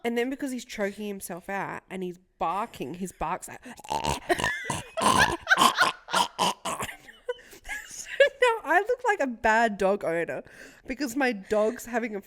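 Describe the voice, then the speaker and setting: A woman's voice: mid-range voice, sing-song, normal speed, slight background noise. A young woman co-hosting a podcast, rambling through a story in casual chat, swearing freely and laughing often. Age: young adult. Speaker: podcast co-host.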